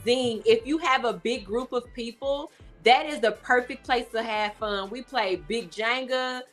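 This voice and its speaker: A woman co-host chatting casually with listeners in a heartfelt manner. Her voice sits a little high and sounds bright and forward. She talks slowly, with soft music behind her. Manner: heartfelt, unhurried, addresses listeners as y'all. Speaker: podcast co-host. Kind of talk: casual recap chat.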